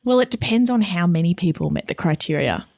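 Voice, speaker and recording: Woman, career coach podcast host, casual chat, laughs a lot, animated pitch, dry sound. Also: a little fast, creaky, dry recording. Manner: laughs often, playful and frank.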